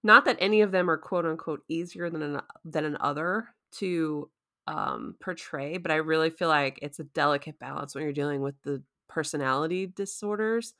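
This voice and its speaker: A woman talking in a thoughtful, measured way in a casual discussion. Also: deep voice, animated, pushed and bright.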